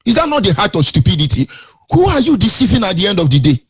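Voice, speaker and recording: Husky Nigerian man, indignant radio host. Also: high-pitched, very animated, fast talker. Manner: indignant, repeats phrases and rhetorical questions, sing-song lilt. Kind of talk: impassioned radio commentary.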